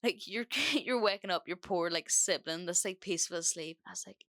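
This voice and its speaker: A young woman hosting a podcast, telling a story in an animated, swearing, laughing way. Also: lowish voice, a little fast, few pauses. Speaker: podcast host. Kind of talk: storytime monologue.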